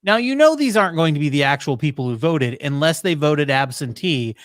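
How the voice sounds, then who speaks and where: A man hosting a podcast in casual chat, animated and wry, swearing freely between asides. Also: fairly high pitch, a little fast, no echo, clean studio sound. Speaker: podcast host.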